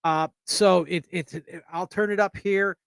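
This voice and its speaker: Host from Erie, Pennsylvania: male, blunt, rambling, slightly high, smooth close-miked voice, very dry sound. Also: steady tone, measured pace, no room sound. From United States. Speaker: show host. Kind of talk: casual political livestream talk.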